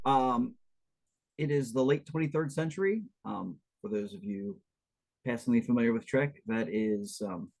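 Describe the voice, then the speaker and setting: A man's voice: mid-range voice, darkish tone, poor audio. A man narrating as game master for a tabletop game, chatty and loose, full of fillers and asides.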